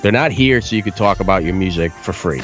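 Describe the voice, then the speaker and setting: A man, a music producer guest on a podcast, explaining marketing in casual chat with a blunt, profane, animated manner. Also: low-pitched, fast.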